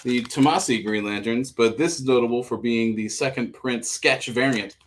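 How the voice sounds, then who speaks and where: Joking man pitching comics live. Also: moderate pace, slight background noise. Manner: joking, profane, auctioneer-style pitches. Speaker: comic shop live sale host. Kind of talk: casual live-stream sales patter.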